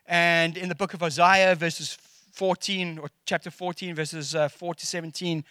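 A man's voice: a little high, little pitch movement, moderate pace, bright, forceful tone, no echo, studio quality. A middle-aged man with a South African accent preaching a casual, jokey sermon and acting out quotes. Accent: South African English.

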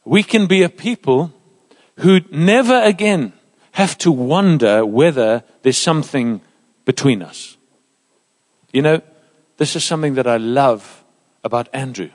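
A man preaching a sermon in a church, emphatic and lively, dropping into soft asides. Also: mid-range voice, unhurried. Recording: reverberant church hall.

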